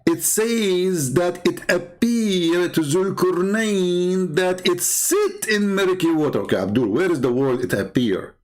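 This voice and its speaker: A man's voice: high voice, lively intonation, unhurried, few pauses. A man hosting a commentary video, talking in a mocking monologue, laughing often and repeating phrases. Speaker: commentary host.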